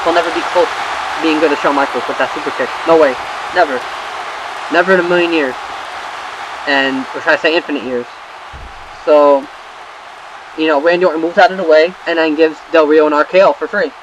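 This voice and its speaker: A young man casually recapping wrestling results while playing a game, rambling and swearing with excitable asides. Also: fairly high pitch, noisy background. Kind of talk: casual recap over gameplay.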